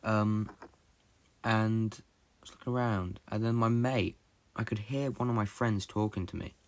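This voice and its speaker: A man's voice: on the low side, steady tone. Rambling young man recounting a dream. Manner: fast, rambling, frequent swearing and fillers. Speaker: podcast host. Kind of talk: casual rambling storytelling.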